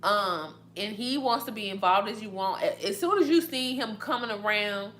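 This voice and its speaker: A woman vlogger talks through her reaction to a TV episode, emphatic and slangy. Her voice is bright and forward, sitting at an everyday middle pitch for a woman. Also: moderate pace, a little hiss or hum. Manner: animated, emphatic, uses slang. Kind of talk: casual reaction commentary.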